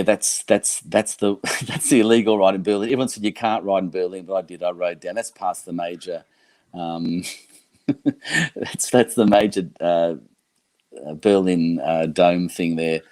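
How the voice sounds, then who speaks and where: A man's voice: low-pitched, steady tone, measured pace, darkish tone, dry recording. A man, chatting casually on a livestream, rambling with many fillers and restarts. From Australia. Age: 60s. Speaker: YouTube creator and electric skateboard rider.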